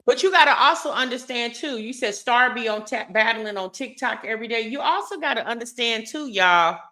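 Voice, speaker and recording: Chatty woman with a bright, lively voice. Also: a little high, fairly quick. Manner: chatty, opinionated, addresses viewers as y'all. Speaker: commentary host. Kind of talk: casual gossip commentary.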